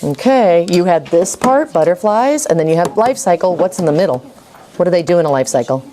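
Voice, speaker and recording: A middle-aged woman teaching first graders to write, brisk and coaxing, repeating her prompts. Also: on the low side, lively intonation, mellow, a little hiss or hum. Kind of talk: classroom writing lesson. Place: classroom.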